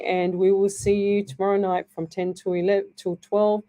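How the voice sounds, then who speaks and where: An Australian woman hosting a community radio show as a psychic medium, gently thanking listeners and reading out a prayer. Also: mid-range voice, flat delivery, moderate pace, few pauses. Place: radio studio.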